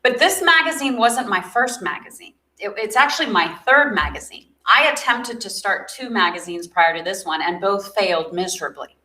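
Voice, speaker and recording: Bright, upbeat South Africa-born woman, guest chat, echoey room. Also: medium pitch, animated, moderate pace, hardly any pauses. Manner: upbeat, laughs often, restarts phrases. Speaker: guest, magazine founder. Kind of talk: casual interview chat.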